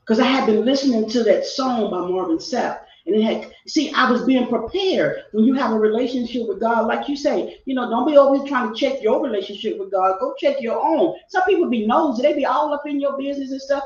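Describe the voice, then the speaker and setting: A woman's voice: a little high, brisk, few pauses, a little mellow. A middle-aged woman from Texas, a life coach guest telling a heartfelt personal story and repeating phrases for emphasis. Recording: roomy, distant, dull video-call audio.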